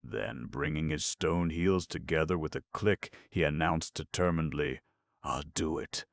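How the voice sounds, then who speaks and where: A man narrates a storybook in a steady, measured reading. His voice is extremely low with a gravelly edge. The recording is dry and close, with no room sound. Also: no room sound. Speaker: audiobook narrator.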